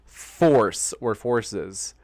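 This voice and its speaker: A man's voice: on the low side, lively intonation, drawn-out words, a little mellow, no room sound, studio quality. A man moderating a debate, easygoing and a little hesitant as he reads out viewer questions.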